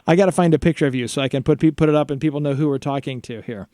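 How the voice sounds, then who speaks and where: A man's voice: on the high side, racing, warm tone, no echo, clean studio sound. A man co-hosting a live stream, joking and teasing as he fires off questions to a caller. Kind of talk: casual chat.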